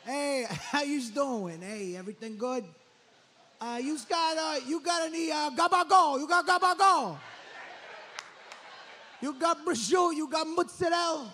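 A man putting on a loud guy who overpronounces deli meats. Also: very high voice, unhurried, a little hiss or hum, voice pushed up, heavily acted. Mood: showing off. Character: loud showy Italian-American man ordering deli meats.

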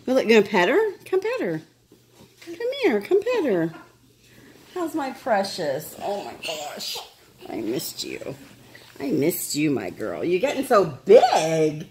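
A woman's voice: medium pitch, wildly swooping pitch, slow pace, a little mellow, a little hiss or hum. A woman talking baby talk to dogs and a toddler at home, laughing often, filmed on a handheld phone. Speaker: vlogger, dog owner. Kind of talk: casual home video chat.

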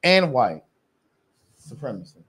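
A man's voice: medium pitch, sing-song, slow pace, a bit bright, slightly rough. A man co-hosting a podcast in casual chat, with a wry, chatty manner. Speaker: podcast co-host.

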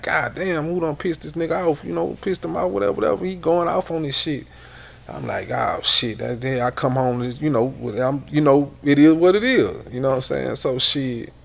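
Middle-aged man, gravelly, animated storyteller, interview guest. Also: medium pitch. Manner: loose and animated, repeats words.

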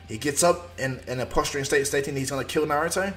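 A man narrating a fan story in an easygoing, rambling way, mid-pitched. Faint music runs underneath. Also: fast talker, few pauses, a bit bright. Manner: rambling, with fillers and restarts.

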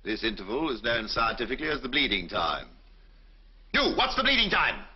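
An actor playing a booming, bullying old surgeon. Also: male voice, very animated, a little fast, natural voice. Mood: bellowing. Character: blustering older male surgeon lecturing students. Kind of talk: 1950s film acting. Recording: dull old film soundtrack.

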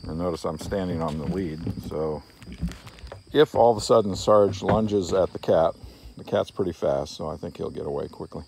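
Low gravelly-voiced man training a dog. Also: normal speed, slight background noise. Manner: calm explaining, breaking into coaxing calls to the dog. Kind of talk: explaining a training session on camera.

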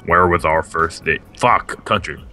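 A young man playing a foul-mouthed girlfriend in an improvised comedy skit, talking deadpan and crude with a country twang that keeps slipping in. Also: low voice, measured pace, faint music behind.

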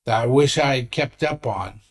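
A man's voice: mid-range voice, normal speed. A man in his sixties, a vlogger telling a story in an earnest, rambling way with frequent restarts. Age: 60s. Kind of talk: casual vlog talk.

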